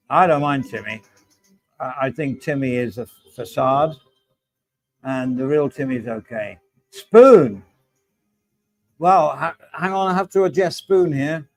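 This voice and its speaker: A man's voice: medium pitch, unhurried, long pauses, soft background music, poor audio. A middle-aged man hosting a casual livestream, reading out chat and joking with viewers by name. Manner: chatty, jokey, addresses viewers by name.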